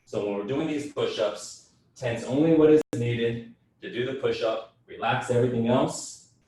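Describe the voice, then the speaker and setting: A man leading a group workout class, calmly explaining breathing and movement as he coaches. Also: medium pitch, normal speed, very echoey, far from the mic, slight background noise, low-quality recording. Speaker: fitness and breathwork instructor. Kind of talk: guided group workout instruction.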